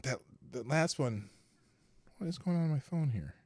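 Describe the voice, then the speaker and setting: Lively rambling man hosting a news show. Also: mid-range voice, moderate pace, dry recording. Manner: rambling, off-the-cuff, swears casually. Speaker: host. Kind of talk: casual live news commentary.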